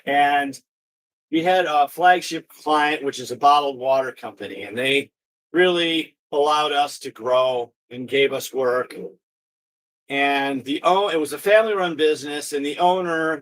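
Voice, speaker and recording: A man's voice: fairly high pitch, a bit bright. A middle-aged man leading an online exercise class over a video call, encouraging and upbeat, telling stories between movement cues.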